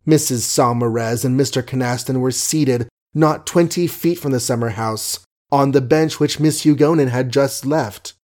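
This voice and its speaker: A man reading a novel aloud as an audiobook narrator, measured, wry and ornate. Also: mid-range voice, a little mellow.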